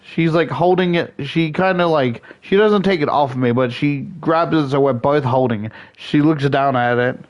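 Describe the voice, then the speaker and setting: A man's voice: on the high side, normal speed, hardly any pauses, muffled recording. Brief: sick streamer guy with a sore throat, cursing through a casual rant. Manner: swears a lot, ranting anecdotes. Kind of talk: casual storytelling while gaming.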